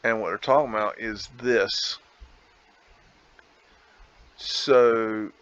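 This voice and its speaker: Slow rambling guy musing over photos, kinda muffled lo-fi audio. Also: fairly low pitch, a bit bright, clean tone. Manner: rambling, musing aloud with laughs. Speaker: vlog host. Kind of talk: casual photo commentary.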